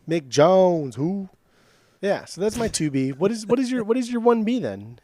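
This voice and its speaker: A man's voice: high voice, big pitch swings, normal speed, mellow, no room sound, studio quality. A man co-hosting a podcast in loose casual chat, swearing and saying "dude" a lot. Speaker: podcast co-host.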